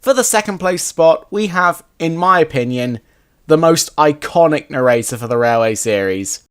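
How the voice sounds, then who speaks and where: A man narrates a scripted commentary video with chatty enthusiasm. His pitch rises and falls in an animated way. The tone is casual and upbeat. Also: moderate pace, smooth. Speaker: video host.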